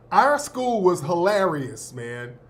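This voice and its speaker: A man's voice: sits high, sing-song, drawn-out words. A man in his fifties hosting a show, telling school stories in a casual, slangy way and often laughing. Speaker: host. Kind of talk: casual storytelling.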